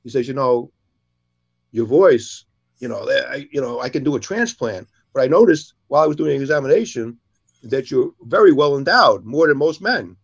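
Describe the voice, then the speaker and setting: A man telling jokes casually on a show he co-hosts. He tells them in an animated way, raising his voice for each character's lines. The sound is dull and lo-fi. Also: moderate pace, slightly rough. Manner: animated storyteller, jumps higher for characters' lines.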